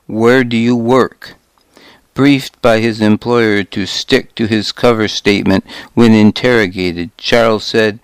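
A man narrating a first-person story in a measured, wry audiobook reading on a close microphone. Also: fairly low pitch, clear, resonant tone, no room sound.

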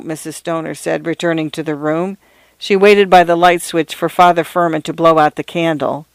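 A man narrating a short story in a measured, even reading voice. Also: on the high side, smooth, no echo.

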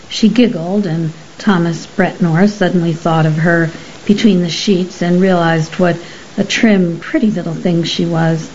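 A woman narrating an audiobook in a measured, even storytelling manner. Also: lowish voice, highs cut off, slight background noise.

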